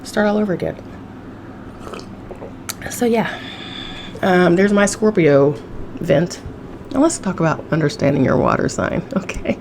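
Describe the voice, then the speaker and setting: A woman's voice: on the low side, vocal fry, a little mellow, a little hiss or hum. A woman hosting a casual solo podcast, sassy and profane, laughing often, with a chesty cough. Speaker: podcast host.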